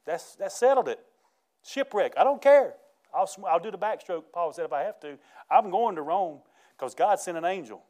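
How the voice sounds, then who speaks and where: A man delivers a sermon in a folksy, animated way. His voice sits a bit high for a man, and he breaks into laughter between his points. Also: moderate pace. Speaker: pastor.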